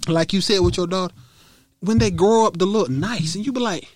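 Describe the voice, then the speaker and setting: A man co-hosting a casual comedy talk show, joking loudly with frequent laughter. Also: high-pitched, fairly quick, no echo, studio quality. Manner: loud, joking, bursts of laughter. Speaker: podcast co-host.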